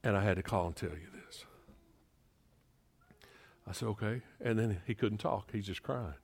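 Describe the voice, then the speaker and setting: A middle-aged man preaching a sermon, moving between emphatic rising passages and quiet, hushed storytelling. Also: on the low side, normal speed, vocal fry, breathy edge. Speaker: pastor.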